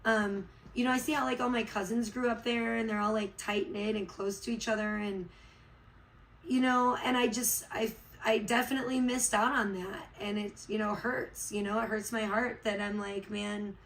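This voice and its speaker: A woman's voice: a little high, flat delivery, moderate pace, gravelly, fairly bright tone, low-quality recording. Woman rambling heartfelt on a livestream. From Chicago, USA. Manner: rambling, heartfelt, many fillers. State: recovering from illness. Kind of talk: casual livestream chat.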